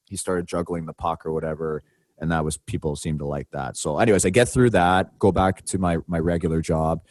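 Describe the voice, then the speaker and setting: This podcast co-host, a man with a low voice, is lively as he recounts a story in casual talk, raising his voice to perform each quote. No echo can be heard.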